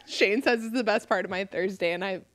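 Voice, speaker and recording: A woman's voice: medium pitch, normal speed. A woman co-hosting a live podcast in casual chat, giggly and easygoing. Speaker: podcast co-host.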